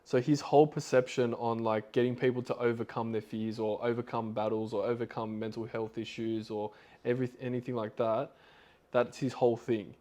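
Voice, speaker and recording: A man's voice: mid-range voice, level tone, brisk, warm tone. A man hosting a podcast, retelling a story in a loose, rambling way with lots of fillers. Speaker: podcast host.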